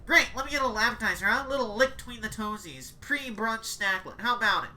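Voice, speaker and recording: Voiced by a woman, a greedy cannibal woman drawls her leering lines with glee. The voice is pitched high, bright and full of swoops. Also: lively intonation, quick pace, distant mic, a little hiss or hum.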